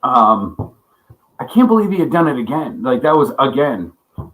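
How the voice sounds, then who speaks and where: A man's voice: medium pitch, big pitch swings, normal speed, pauses often, fairly bright tone, rough recording. A man hosting a casual livestream chat, rambling and swearing a lot, often laughing as he greets viewers by name. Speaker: livestream host.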